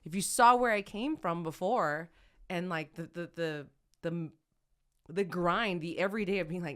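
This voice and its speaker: Actress guest, low-pitched woman, loose self-correcting chat. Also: normal speed. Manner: rambling, self-correcting, animated storyteller. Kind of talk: casual conversational interview.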